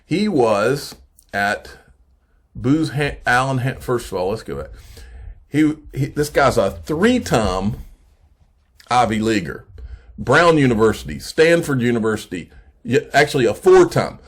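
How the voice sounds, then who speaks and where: A man hosting a crypto investing channel, giving casual emphatic commentary and repeating points slowly for effect. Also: medium pitch, animated. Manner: addresses viewers as folks, frequent okay. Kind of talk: casual commentary on screen posts.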